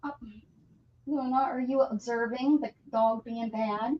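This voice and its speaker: A woman's voice: a little high, steady tone, measured pace, a little hiss or hum. A woman hosting a craft livestream, chatting casually with viewers, laughing often and greeting them by name. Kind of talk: casual chat while crafting. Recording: dull lo-fi stream audio.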